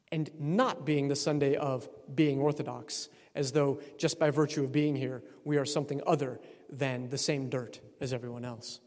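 Wry priest in echoing church. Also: male voice, a little high, a little mellow. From Texas. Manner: conversational, wry asides. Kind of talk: sermon. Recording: long church reverb.

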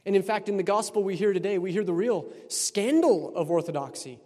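A male priest with a drawl preaches in an easy, conversational tone, slipping in dry humorous asides. His voice sits a little higher than most men's. It rings out with the long reverb of a church. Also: animated, a little fast, dark tone. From Texas. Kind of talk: sermon.

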